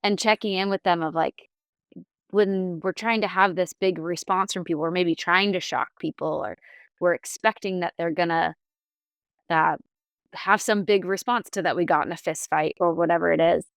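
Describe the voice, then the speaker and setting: A woman who works as a therapist, speaking as a podcast guest in a gentle, reflective way. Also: lowish voice, steady tone, moderate pace, creaky, no room sound. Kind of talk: casual podcast conversation.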